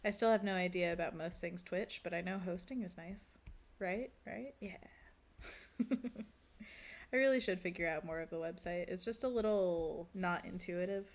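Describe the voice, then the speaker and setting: Chatty, lower-voiced woman. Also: moderate pace. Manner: chatty and rambling, laughs often. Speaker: artist streaming live. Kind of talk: casual chat while drawing.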